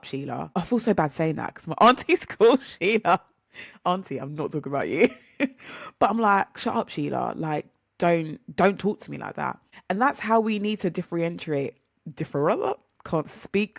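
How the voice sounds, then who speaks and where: A woman's voice: low voice, no echo, studio quality. A young woman hosting a podcast, talking casually and motivationally, chatty and rambling, often speaking straight to her listeners. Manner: chatty, rambling, upbeat, addresses listeners as guys. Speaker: podcast host.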